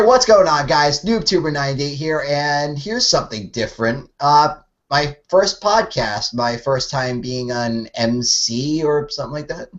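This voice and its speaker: A young man from New England hosts a casual podcast in a relaxed, easygoing way and laughs often. His voice sits in an ordinary middle range, and the audio is dull and lo-fi, as over a voice chat. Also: medium pitch. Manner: laid-back, laughs often. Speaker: podcast host.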